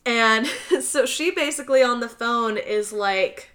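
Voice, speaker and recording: A young woman co-hosting a casual podcast, animatedly recapping a film plot and acting out the characters' lines in high, loud voices. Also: takes it slowly. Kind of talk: casual chat.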